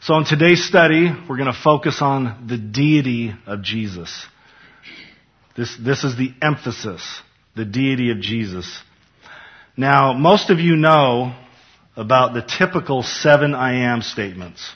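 Husky-voiced pastor teaching scripture. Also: male voice, mid-range voice, animated, measured pace, muffled recording. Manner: emphatic, rising for scripture quotes. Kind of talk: Bible study sermon.

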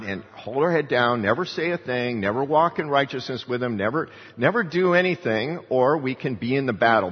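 Older male pastor, husky voice, lively preaching, echoing hall, muffled low-fi sound. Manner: animated preaching, rises in pitch for emphasis. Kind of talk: sermon. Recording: dull, reverberant hall sound.

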